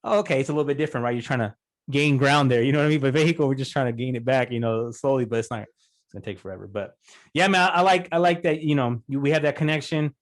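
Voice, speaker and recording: A man's voice: medium pitch, steady tone. A man hosting a podcast, chatting casually with his guest and filling his talk with "you know" and "like". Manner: quick, chatty, many fillers. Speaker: podcast host. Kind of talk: casual interview chat.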